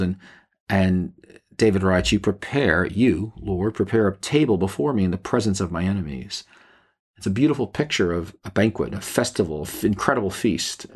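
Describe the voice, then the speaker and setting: A man with a deep, slightly husky voice teaches in a podcast devotional. He speaks earnestly and haltingly, often stumbling and restarting his phrases as he works through a scripture passage.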